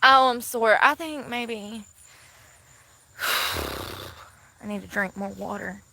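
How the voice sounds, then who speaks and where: A woman's voice: on the high side, slow, sharp tone, echoey room, low-quality recording. A woman chatting casually on a livestream, rambling, sighing and laughing at herself. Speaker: vlogger. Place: outdoors in the woods.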